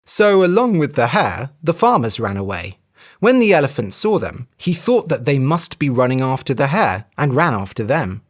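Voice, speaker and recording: Expressive storyteller reading to English learners. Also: medium pitch, moderate pace. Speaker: English teacher.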